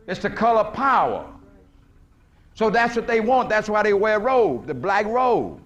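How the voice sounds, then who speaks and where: High-voiced man lecturing with a preacher's call-and-response. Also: big pitch swings, unhurried, fairly bright tone. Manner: preacherly, asks the audience questions and answers them himself; retells film scenes with quoted voices, stretching words for emphasis. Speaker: guest lecturer. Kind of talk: lecture to a live audience. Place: lecture hall at a conference.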